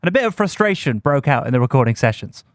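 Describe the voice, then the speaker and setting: Man, podcast host, scripted narration, measured storytelling, clear resonant voice. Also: mid-range voice, big pitch swings, dry recording, clean studio sound.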